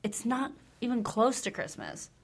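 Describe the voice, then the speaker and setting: A woman's voice: fairly high pitch, huge pitch swings, moderate pace, gravelly, slight background noise. A young woman co-hosting a podcast in casual chat, talking in a dry, matter-of-fact way and often mumbling. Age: young adult. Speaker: podcast co-host.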